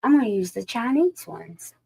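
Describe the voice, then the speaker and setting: A woman's voice: fairly high pitch, big pitch swings, moderate pace, gravelly, mellow, breathy edge. A woman doing a chatty live psychic reading, folksy and informal, sometimes dropping into a whisper. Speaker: psychic reader. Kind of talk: live-stream tarot reading chat.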